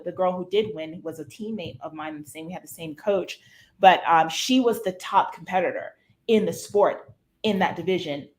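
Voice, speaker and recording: Lively woman telling her story. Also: fairly low pitch. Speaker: guest. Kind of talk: casual storytelling interview.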